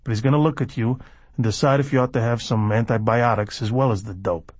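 A man's voice: mid-range voice, steady tone, fairly quick, darkish tone, dry recording, lightly acted. A man voicing a curt, commanding gangster who gives orders over the phone.

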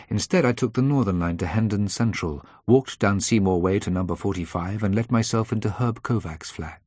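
Low-voiced male audiobook narrator. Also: dry recording, studio quality. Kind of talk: first-person audiobook narration. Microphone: close dry studio mic.

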